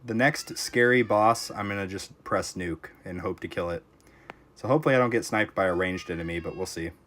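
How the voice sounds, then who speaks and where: A young man streaming a tower defense game, casually chatting with his viewers and reacting out loud to close calls. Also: low voice, a little fast. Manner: reactive, talks to chat while playing, frequent exclamations. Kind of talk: casual live-stream commentary.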